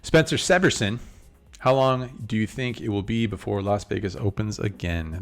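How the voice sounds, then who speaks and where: A man's voice: lowish voice, moderate pace. A man hosting a casual poker live stream, chatting easily with viewers while talking through his hands. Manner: laid-back, chatty, multitasking while reading chat. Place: in Las Vegas.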